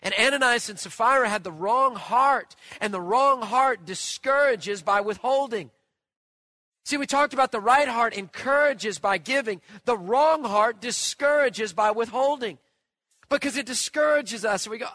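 A man preaching a sermon, telling stories with animation and swinging from loud to hushed. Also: extremely high pitch, measured pace, dry recording. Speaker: pastor.

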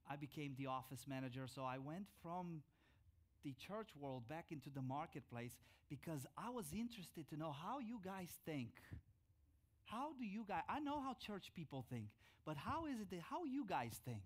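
A middle-aged male pastor gives a sermon testimony, his pitch swinging widely as he tells the story. He breaks into loud, drawn-out bursts on key words, then drops back to a calmer tone.

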